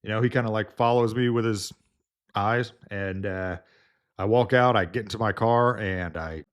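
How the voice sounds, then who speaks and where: A man's voice: on the low side, normal speed. A man working as a home health nurse, casually telling a story in a rambling way, full of fillers and restarts.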